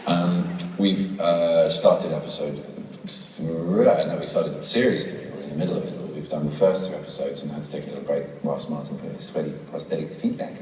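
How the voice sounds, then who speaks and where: A man's voice: rumbling low, normal speed, few pauses, far from the mic, a little hiss or hum. A man, an actor, giving a playful video message, joking and correcting himself as he goes. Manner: jokey, self-correcting, laughs often. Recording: video played in a loud echoey hall, filmed from afar on a phone.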